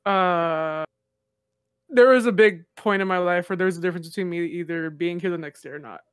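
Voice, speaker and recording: A podcast co-host speaking softly and sincerely. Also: mid-range voice, fairly quick, clean tone, no room sound, clean studio sound. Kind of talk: casual podcast chat.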